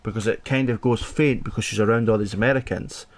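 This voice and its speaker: A Scottish man co-hosting a podcast in casual chat, animated and sweary, thinking aloud as he talks. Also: lowish voice, quick pace. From Scotland. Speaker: podcast co-host.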